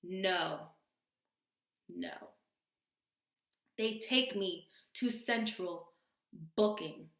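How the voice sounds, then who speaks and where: A young adult woman telling a storytime vlog with expressive, animated delivery and acted-out quotes. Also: medium pitch, a little fast, echoey room. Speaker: vlogger.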